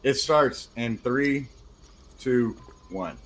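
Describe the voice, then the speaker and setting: A man's voice: mid-range voice, very slow, low-quality recording. A male podcast host moderating a debate in a laid-back way, calling out the timings.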